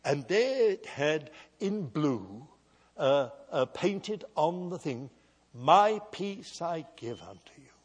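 Slow, husky preacher in a reverberant hall. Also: male voice, fairly high pitch, big pitch swings. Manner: storytelling, slow and emphatic with big swings in loudness. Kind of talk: sermon.

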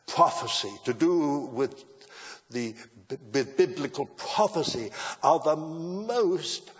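A man's voice: mid-range voice, very animated, breathy edge. Man preaching in a reverberant hall. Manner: measured preaching, rising to emphatic declarations. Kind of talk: sermon. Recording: dull lo-fi sound with long hall reverb.

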